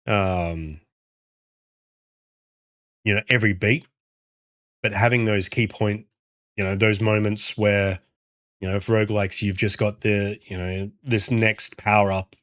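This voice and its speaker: A man's voice: on the low side, fairly even intonation, a little slow, long pauses, a bit bright, dry recording, studio quality. Rambling, swearing streamer guy. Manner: rambling, swears, answers chat messages. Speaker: game streamer and indie developer. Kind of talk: casual live-stream chat.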